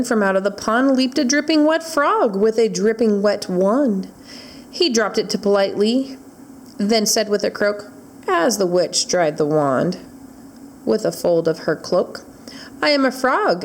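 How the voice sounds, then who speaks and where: Slow, rhythmic woman reading storybooks. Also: mid-range voice, slight background noise. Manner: slow, rhythmic rhyming read-aloud. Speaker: library storytime reader. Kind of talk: reading a picture book aloud.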